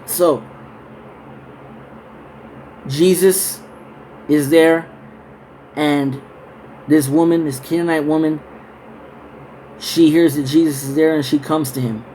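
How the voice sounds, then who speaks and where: Male Bible teacher, slightly higher voice, unhurried verse reading, relaxed chatty explanation. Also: slight background noise, poor audio. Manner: reads verses slowly, then explains in loose conversational asides. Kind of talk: scripture reading and casual Bible study talk.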